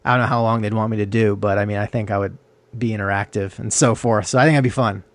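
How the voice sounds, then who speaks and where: Halting man interviewer, dry sound. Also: lowish voice, fairly even intonation, dry recording. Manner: halting, hesitant, many restarts. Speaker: host. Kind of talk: casual interview chat.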